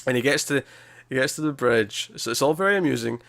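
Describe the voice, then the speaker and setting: A man's voice: medium pitch, animated, fast, gravelly, fairly bright tone, no room sound. Scottish man rambling in casual chat. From Scotland. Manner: rambling, filler-heavy, many restarts. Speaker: podcast co-host. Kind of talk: casual chat reviewing TV episodes.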